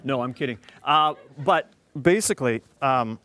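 A brash, crude redneck oil worker rambles through his stage banter, as a man plays him, full of filler words and off-color jokes. The voice sits at an ordinary male pitch and stays loose and chatty. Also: lively intonation, normal speed, fairly bright tone, faint music behind, close to an everyday voice. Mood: joking. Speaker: performer in character.

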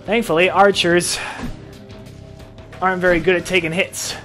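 A man hosting a let's-play video, excitable and profane, often laughing and shouting at the game. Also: sits high, normal speed, long pauses, soft background music. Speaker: gaming video host.

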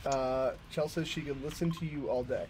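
A man's voice: medium pitch, steady tone, moderate pace, background noise. A man streaming a game, chatting casually with friends, swearing freely and teasing them. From United States. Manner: loud swearing exclamations, playful teasing. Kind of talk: casual gaming chat.

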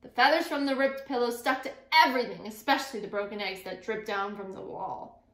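A woman's voice: on the high side, a little fast, a bit bright. A woman teacher expressively reading a picture book aloud and interjecting to her class. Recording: echoey room.

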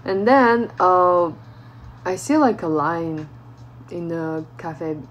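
A woman vlogger telling a casual story in a chatty way, full of fillers and lively retelling. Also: lowish voice, takes it slowly, muffled recording, a little hiss or hum. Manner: chatty, peppers speech with "like", animated retelling.

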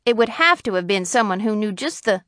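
A woman's voice: medium pitch, animated, brisk, a bit bright, no room sound, clean studio sound, lightly acted. A woman reading the part of a male county attorney in a story, in a tolerant, offhand manner. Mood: businesslike.

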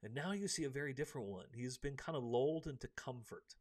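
A man's voice: mid-range voice, fast talker, a little mellow. A man hosting a live faith-based book discussion, earnest and preachy, with many ums and restarts.

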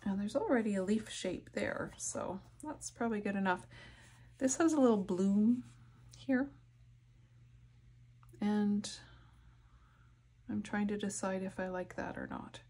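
A soft-spoken woman narrating a painting tutorial, her voice dropping to whispers as she concentrates. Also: mid-range voice, measured pace, pauses often, husky. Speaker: art instructor.

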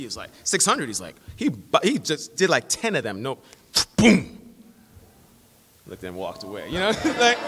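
Middle-aged male pastor, lively sermon voice, bright and forceful, long church-hall echo. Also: high voice. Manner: animated storytelling, acts out quotes. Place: church sanctuary.

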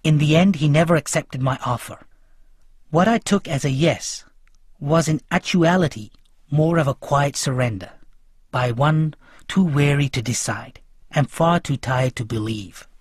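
Male audiobook narrator, mid-pitched, breathy texture, restrained delivery. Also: no room sound, studio quality. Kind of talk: first-person audiobook reading.

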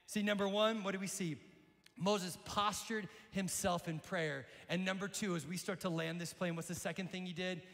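A male pastor preaching with energy, swinging from shouts to hushed lines. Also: sits high, fairly even intonation, moderate pace. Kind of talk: sermon. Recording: long hall reverb.

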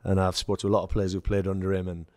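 English ex-footballer guest, low dry voice, anecdotal and animated. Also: male voice, quick pace, dry recording. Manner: storytelling, acts out quoted dialogue, laughs. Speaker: former footballer, podcast guest. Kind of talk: casual anecdote telling.

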